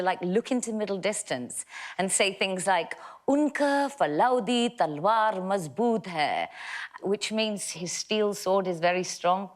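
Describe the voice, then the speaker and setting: English woman telling a funny anecdote. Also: mid-range voice. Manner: lively, self-mocking, laughs while telling. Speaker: comedy panelist. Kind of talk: anecdotal storytelling.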